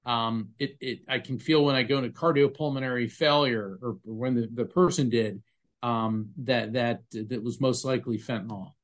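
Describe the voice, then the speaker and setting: A man's voice: mid-range voice, steady tone, normal speed. A man who works as a psychic medium and was once an attorney, telling stories earnestly and emphatically in a conversational interview. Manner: earnest, emphatic, describes sensations vividly.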